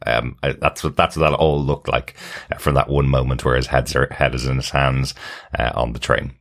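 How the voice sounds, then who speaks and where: Very deep-voiced man hosting a podcast. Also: little pitch movement, vocal fry, a bit bright. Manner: explanatory, rambling, fills pauses with "um" and "uh". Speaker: podcast host. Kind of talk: casual chat.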